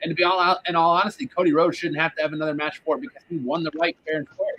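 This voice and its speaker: A man's voice: on the high side, steady tone, racing, pushed and bright, low-quality recording. A man hosting a casual wrestling podcast, blunt and opinionated, swearing now and then. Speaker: podcast host.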